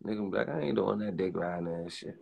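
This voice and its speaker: Young guy ranting on his stream, gravelly voice, talks real fast and cusses a lot. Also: low voice, animated, lo-fi sound. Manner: profane, emphatic, repetitive; acts out others' lines in quick put-on voices. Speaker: live-stream host. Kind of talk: casual live-stream rant.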